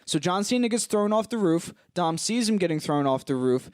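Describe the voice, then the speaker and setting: A man co-hosting a podcast, retelling film scenes in an animated, casual way and laughing as he goes. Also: high voice, a little fast. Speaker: podcast co-host. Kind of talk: casual film recap chat.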